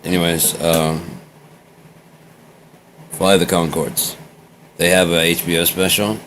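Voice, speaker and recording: A man's voice: sits low, little pitch movement, measured pace, noisy background. An American man talking casually in a meandering, drifting monologue, trailing off and jumping between topics. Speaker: vlogger recording a personal journal.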